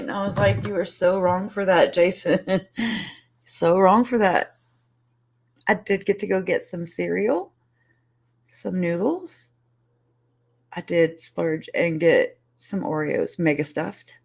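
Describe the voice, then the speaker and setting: A woman's voice: fairly low pitch, vocal fry, darkish tone. A woman hosting a casual livestream, rambling and restarting her sentences, laughing between phrases, emotional and close to tears. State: tearful, emotional. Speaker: YouTube channel host.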